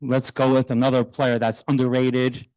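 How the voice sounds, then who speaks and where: A middle-aged man, a youth soccer coach, speaking earnestly and proudly while honoring his players at a town meeting, loose and a little halting. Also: mid-range voice, flat delivery, a little mellow, dry recording, low-quality recording. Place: township council meeting room.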